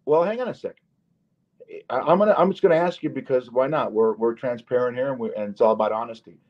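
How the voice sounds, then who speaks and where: A man's voice: mid-range voice, fast talker. An older man hosting a podcast in casual chat, teasing and rambling and talking over his guest. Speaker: podcast host. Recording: dull lo-fi sound.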